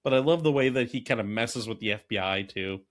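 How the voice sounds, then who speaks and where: A man co-hosting a casual movie podcast, rambling and animated, dropping into quick acted quotes. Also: medium pitch. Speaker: podcast co-host.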